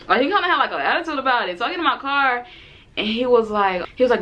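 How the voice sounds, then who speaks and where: Young woman in her twenties, casual vlog storytelling, animated, acts out quotes, mid-pitched voice. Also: fast talker, dull audio. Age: 20s. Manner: animated, acts out both sides of the date in quotes. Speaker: vlogger.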